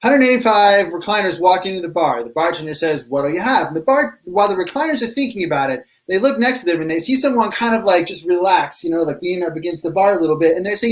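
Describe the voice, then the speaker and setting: A man's voice: high voice, expressive, quick pace, few pauses, rough recording. A man telling improvised bar jokes in an online comedy match, easygoing, with rambling setups, over a video call. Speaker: improv player.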